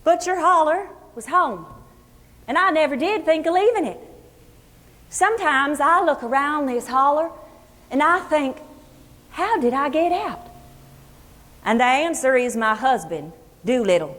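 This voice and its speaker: Before an audience in a luncheon hall, an actress speaks as a plainspoken Kentucky country singer woman, reminiscing in a folksy, unhurried first-person monologue. Her high, expressive, fairly bright voice carries an Appalachian accent and fond storytelling warmth, and the room's long reverb makes it echoey.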